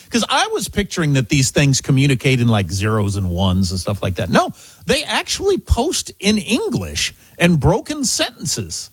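A man co-hosting a talk radio show, bantering in an animated, excitable way that trips over his words. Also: medium pitch, normal speed, husky, no room sound. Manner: animated, excitable, repeats himself. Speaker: radio co-host.

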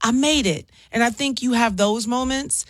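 Woman guest, candid and animated, laughs often; dry, close recording. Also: fairly high pitch, normal speed, no room sound. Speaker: interview guest. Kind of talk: casual interview chat.

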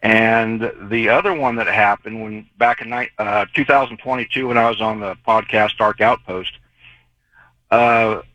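A man's voice: on the low side, fairly even intonation, measured pace, pushed and bright, dull audio. A man calling in to a radio show, telling his stories in a rambling, earnest way. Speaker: caller. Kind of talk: call-in storytelling.

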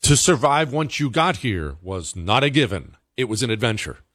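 A man's voice: mid-range voice, big pitch swings, normal speed, a bit bright, no room sound, studio quality. A male host giving casual, emphatic commentary, with stammered restarts.

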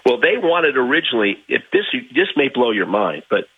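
Husky guy from miami telling stories, animated, thin phone-line sound. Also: medium pitch, a little fast, no room sound. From Miami, United States. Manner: animated, anecdotal, restarts phrases. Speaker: guest. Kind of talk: storytelling interview.

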